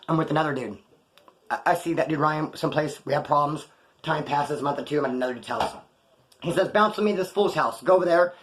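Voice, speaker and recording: A man's voice: a little high, fairly bright tone, a little hiss or hum. A middle-aged man telling rambling prison stories in casual, profane street slang. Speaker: storyteller recounting prison life. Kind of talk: casual monologue.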